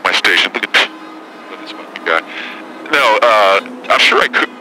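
A man's voice: lowish voice, lively intonation, moderate pace, bright, forceful tone, a little hiss or hum, poor audio. A man doing a comedy impression of a brash, touchy female celebrity talk host who swears and gets defensive.

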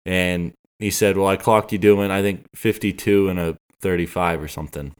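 A man's voice: low voice, fairly even intonation, moderate pace, clean tone. A man on a podcast telling a story in casual chat, rambling and acting out the dialogue he recalls. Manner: rambling, acts out quoted dialogue. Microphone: podcast microphone.

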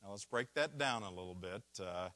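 A man's voice: on the low side, expressive, pushed and bright. A man preaching a sermon, walking through a scripture passage and leaning hard on key words. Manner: slow, deliberate preaching with stressed key words. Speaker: pastor.

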